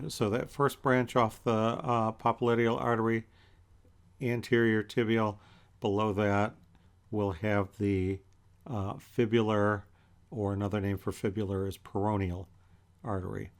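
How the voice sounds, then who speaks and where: A man teaching an anatomy lecture in a relaxed, conversational way as he points through pictures. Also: fairly low pitch. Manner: relaxed and conversational, with many fillers and pauses. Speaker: anatomy instructor.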